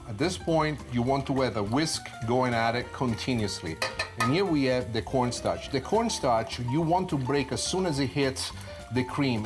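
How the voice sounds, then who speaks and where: An Italian-accented man in his sixties talks through a cooking demonstration, chatty and playful, often answering his own questions. His voice sits at a middle pitch. Clear music plays behind him. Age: 60s. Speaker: cooking show host. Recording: background music.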